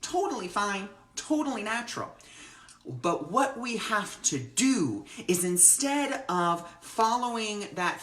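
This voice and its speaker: A woman hosting a live-streamed spiritual talk, earnest and expressive, pausing to greet viewers' comments. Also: fairly low pitch. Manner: earnest and expressive, acts out her own panic. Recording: roomy echo.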